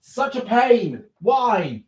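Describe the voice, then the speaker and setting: Young dude chatting live to his viewers, kinda high-pitched, excitable and rambly. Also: drawn-out words. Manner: chatty, animated, self-interrupting. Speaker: livestream host. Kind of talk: casual live chat with viewers.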